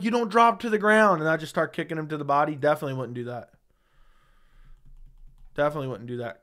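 A man's voice: a little high, fairly bright tone, smooth. A man hosting a casual livestream, reading viewer chat aloud and giving blunt, sarcastic, slangy replies into a studio microphone.

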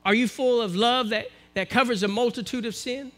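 A man with an American accent preaching a sermon to his congregation, building to forceful exhortation. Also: very high voice, fairly even intonation, brisk. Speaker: minister. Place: church, live-streamed service.

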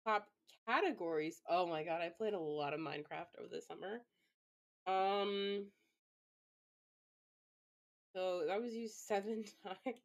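Woman streamer rambling to herself, slow and chill, swears a lot, says um constantly. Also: mid-range voice, steady tone. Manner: rambling self-talk with frequent swearing and fillers. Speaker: live streamer. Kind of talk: casual live-stream chat.

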